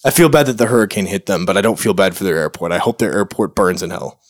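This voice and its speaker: A man's voice: low voice, fast talker, no room sound, studio quality. A man on a casual podcast, ranting bluntly with lots of swearing.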